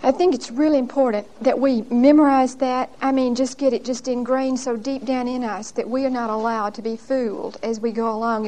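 Lady teaching bible study at church, high voice, really emphatic, keeps laughing at herself mid-story. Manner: emphatic and animated, laughs at herself while telling stories.

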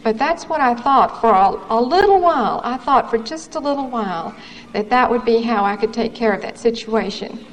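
A woman's voice: on the high side, lively intonation, moderate pace, low-quality recording. A woman in her thirties giving an earnest, candid personal testimony. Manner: earnest, candid storytelling with quoted dialogue. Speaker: testimony speaker. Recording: faint background noise, 1970s recording.

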